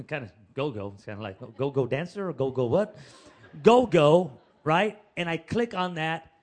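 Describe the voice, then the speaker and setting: Animated high-voiced preacher man. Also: measured pace. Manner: animated, shifts between shouting peaks and hushed retelling. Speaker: pastor. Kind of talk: sermon.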